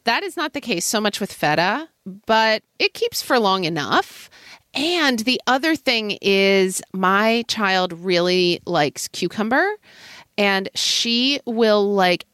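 A woman's voice: medium pitch, lively intonation, slow, a bit bright, clear, resonant tone, no echo. A woman co-hosting a casual food chat, chatty and opinionated, with a dry close sound. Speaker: podcast co-host.

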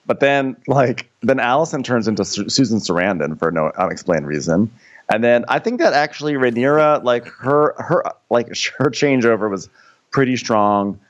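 A man co-hosting a podcast, chatting casually in a rambling, halting way with many restarts while recapping a TV episode. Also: medium pitch, expressive, lo-fi sound. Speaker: podcast co-host. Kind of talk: casual comedic recap chat.

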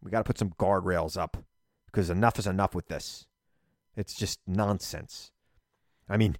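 Middle-aged guy ranting about politics, low voice, dry close sound, punchy and repetitive. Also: no echo. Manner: animated, emphatic, repetitive. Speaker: radio and TV political commentator. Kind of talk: political monologue.

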